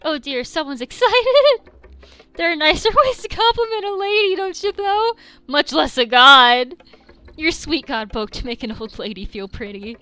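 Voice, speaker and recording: A woman's voice: high-pitched, sing-song, normal speed, pushed and bright, dry recording, pitched above the performer's own voice, exaggerated voice. A woman voicing a vain, grieving old lady god from a video game, speaking in a coy, old-fashioned way. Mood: coy, wounded.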